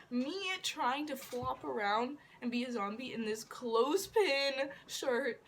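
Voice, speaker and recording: A woman's voice: fairly high pitch, a bit bright. A young woman vlogger telling a rambling story, laughing often and poking fun at herself. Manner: giggly, rambling, self-mocking. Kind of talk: casual storytelling.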